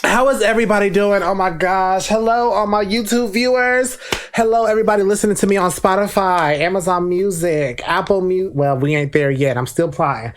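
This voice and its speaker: A man's voice: high voice, moderate pace. A young man talks straight to his listeners in a loose, casual solo podcast. He is chatty and playful, and he hypes himself up between the greetings. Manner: playful, chatty and self-hyping. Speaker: podcast host.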